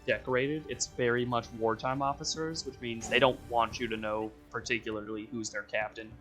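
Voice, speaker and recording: Young man, dungeon master, relaxed narration, chuckles, faint music behind. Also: mid-range voice, moderate pace. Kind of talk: narrating a tabletop game.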